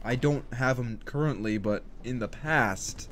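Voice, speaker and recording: A man's voice: medium pitch, measured pace, hardly any pauses, fairly bright tone. A man giving casual commentary on a video game, hyped and talkative, rallying his viewers and goofing around. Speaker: gaming streamer.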